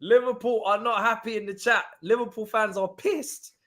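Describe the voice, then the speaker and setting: A man hosting a live football watchalong stream, chatting casually and breaking into excited cheers. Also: sits high, normal speed. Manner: excitable, jumps from calm chat to loud cheering. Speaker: livestream watchalong host.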